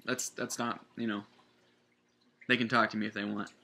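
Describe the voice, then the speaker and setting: A man's voice: on the low side, flat delivery, normal speed, creaky, pushed and bright. A man rambling casually through a product review, correcting himself often and circling back to his points. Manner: rambling, self-correcting, chatty. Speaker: vape juice reviewer.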